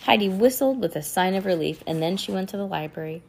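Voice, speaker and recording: A woman's voice: medium pitch, fast talker, creaky, husky. A young woman reading a children's chapter book aloud at home, voicing the characters and stopping to chat with her child. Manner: animated, breaks off to chat and laugh. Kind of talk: storybook read-aloud to a child.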